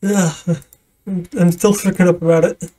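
A woman's voice: lowish voice, level tone, normal speed, warm tone. A woman streamer giving casual let's-play commentary, laughing nervously and talking to the game's creatures.

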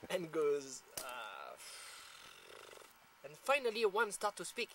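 High-voiced French man telling a story. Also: vocal fry, fairly bright tone, a little hiss or hum. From France. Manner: laughs often, acts out the people he quotes. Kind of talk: casual anecdote.

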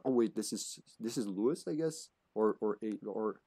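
A man's voice: fairly low pitch, lively intonation, normal speed, few pauses, warm tone. Chatty man streaming a game. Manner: chatty and jokey, often laughing, greeting chat. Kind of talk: live gameplay commentary.

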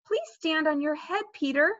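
A woman's voice: sits high, big pitch swings, measured pace, pushed and bright, no room sound, heavily acted. A woman voicing an anxious, coaxing mother in a children's story, in a dull lo-fi recording. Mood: pleading. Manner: pleading, coaxing. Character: anxious pleading mother, middle-aged woman.

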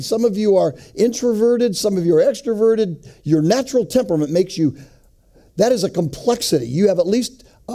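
A man's voice: high-pitched, warm tone. A middle-aged man giving a joking, sermon-style talk to a men's group, often putting questions to the audience. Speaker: men's ministry speaker.

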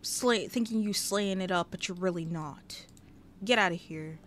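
A woman's voice: fairly low pitch, measured pace, a little hiss or hum. Sassy woman scolding her game characters. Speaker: gaming YouTuber. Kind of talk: casual Let's Play commentary. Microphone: headset mic.

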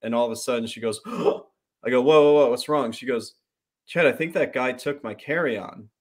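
A man at a middle pitch tells a travel story on a casual livestream. He acts out what people said in short quoted bits. He swears freely as the story goes on. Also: normal speed. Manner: swears freely, animated anecdote with quoted voices. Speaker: host.

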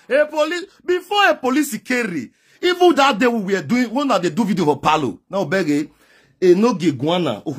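Husky high-voiced Nigerian man lecturing. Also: a bit bright. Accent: Nigerian Pidgin English. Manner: emphatic, lecturing, often raises voice. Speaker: social media commentator. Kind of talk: direct-to-camera advice monologue.

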